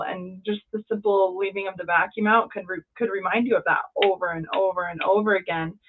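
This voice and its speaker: A woman's voice: medium pitch, brisk, few pauses. A woman life coach speaking as an interview guest, earnest and encouraging, in short phrases over a remote call. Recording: tinny phone-like line.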